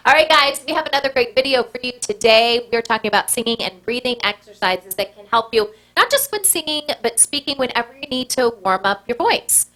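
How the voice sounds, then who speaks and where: Woman hosting a voice lesson vid, slightly high voice, upbeat and quick to intro. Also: expressive, pushed and bright, rough recording. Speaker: host.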